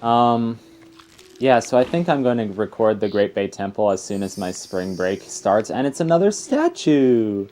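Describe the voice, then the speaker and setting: A young man provides rambling, chatty commentary as a let's player, full of fillers and tangents. His fairly low, darkish voice has lively intonation and a slightly slow pace. Faint game music and slight background noise can be heard.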